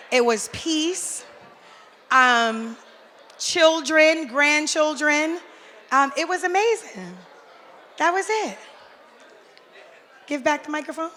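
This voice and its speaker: A woman's voice: high voice, slow, pauses often, bright, forceful tone. A woman giving brief, bubbly, self-deprecating remarks on stage with a handheld mic at a live event. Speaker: event conversation leader. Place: large hall at a live event. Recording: echoey hall with faint ambient noise.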